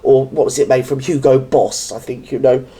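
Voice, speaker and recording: Standing indoors, a British woman hosts a reaction video, delivering ranting commentary full of sarcasm and indignation and mocking people in put-on voices. Her voice is rumbling and low, mellow in tone, with fairly even intonation and a moderate pace.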